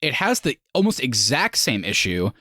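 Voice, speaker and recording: A man's voice: mid-range voice, wildly swooping pitch, normal speed, sharp tone, no room sound, clean studio sound. A man co-hosting a casual film review chat, rambling and leaning on "like" as he acts out scenes. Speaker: podcast co-host.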